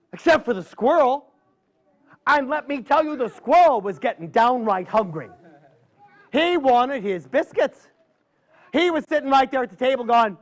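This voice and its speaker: A man storyteller telling a folksy tale to a live audience, dramatic and drawing out his pauses. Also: extremely high pitch.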